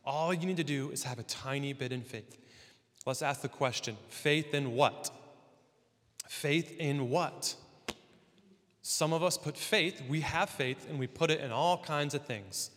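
A man preaching a sermon as pastor, conversational and animated with joking asides. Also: medium pitch, normal speed, big-room sound.

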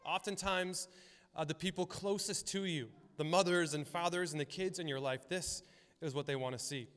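A man's voice: fairly high pitch, fairly even intonation, moderate pace, fairly bright tone, clear, resonant tone. A man preaching a casual, conversational sermon as a pastor, often acting out the voices in his stories. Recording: long hall reverb.

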